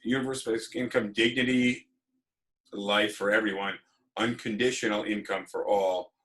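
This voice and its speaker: A bright, forward-sounding man hosts a relaxed livestream talk. He tells his stories with animated energy and acts out the voices of the people he quotes. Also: lowish voice, moderate pace. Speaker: podcast host. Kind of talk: casual livestream chat.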